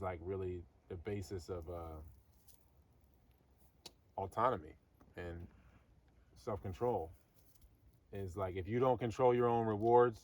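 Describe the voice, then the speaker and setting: A man talking loosely about law and self-control, halting with many fillers and restarts and trailing off softly. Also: on the low side, dry recording, far from the mic. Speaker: Latin lesson co-host. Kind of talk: rambling philosophical talk.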